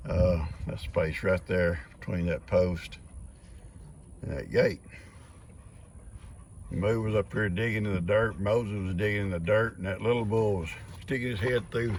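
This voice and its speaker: An older man, a gravelly voice and a lively, swinging pitch. He speaks outdoors on a farm, talking to his animals, scolding them fondly and calling out loudly to them in a high voice. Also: background noise. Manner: fond scolding of livestock, loud high calls. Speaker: farmer.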